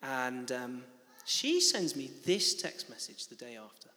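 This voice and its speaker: A young man with a bright, lively voice preaches, acting out his own story with big swings of pitch. The sound has a long reverb, as if he were recorded in a church hall. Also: unhurried. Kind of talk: sermon with a personal story.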